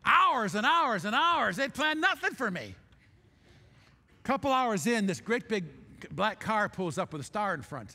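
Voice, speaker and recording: An older man telling an emotional story in a sermon, halting and repeating himself as he speaks. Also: high-pitched, sing-song, sharp tone. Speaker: pastor. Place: church sanctuary. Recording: hall reverb in a church.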